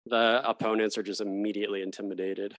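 A man's voice: on the low side, little pitch movement, fast, a bit bright, no room sound. Chatty man hosting a casual podcast. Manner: chatty, laughs often, trails off mid-thought. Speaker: podcast host. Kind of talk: casual chat.

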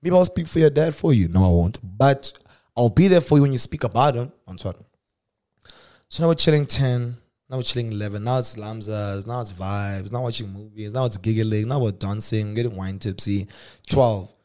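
A young South African man hosting a show, telling a personal story casually and swinging from hushed asides to loud exclamations. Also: lowish voice, normal speed. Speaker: podcast host.

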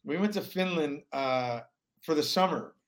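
A man in his forties, a former pro hockey player from Alaska, telling stories in a rambling, animated way with many restarts. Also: fairly high pitch, measured pace. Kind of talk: casual storytelling interview.

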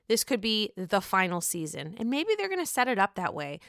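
Excitable, chatty young woman with a bright voice. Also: mid-range voice, a little fast, vocal fry, hardly any pauses, no echo, studio quality. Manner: excitable, chatty, swears freely. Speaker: reality TV commentary host. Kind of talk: casual solo commentary.

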